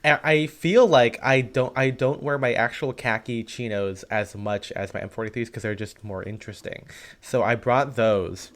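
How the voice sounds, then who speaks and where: Casual male podcast co-host, mid-pitched, chatty and meandering. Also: normal speed. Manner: rambling, many fillers and restarts. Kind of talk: casual chat.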